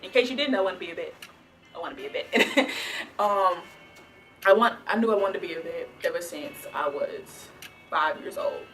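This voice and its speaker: Faint music plays behind this young Southern woman, whose lowish, fairly bright voice moves a little quickly. Her casual Q&A vlog wanders as she responds to viewers, full of false starts and "like."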